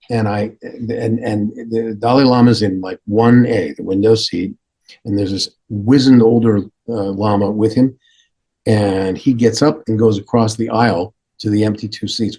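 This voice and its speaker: Canadian-born guy telling a story on a podcast, low husky voice, lots of stop-start, acts out the lines. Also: fairly even intonation, normal speed, mellow. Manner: hesitant restarts, acting out dialogue. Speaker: guest storyteller. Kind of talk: animated anecdote telling on a podcast.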